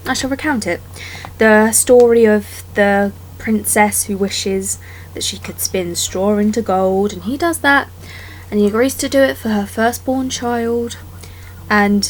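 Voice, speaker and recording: A woman's voice: mid-range voice, a little hiss or hum. A young woman retelling fairy tales with exasperated, sweary sarcasm. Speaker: vlogger. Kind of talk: sarcastic storytelling commentary.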